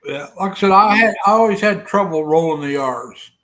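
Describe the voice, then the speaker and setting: An American man hosting a live stream, chatting casually and rambling with many fillers and pauses. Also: a little high, expressive, a bit bright, low-quality recording. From United States. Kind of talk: casual chat.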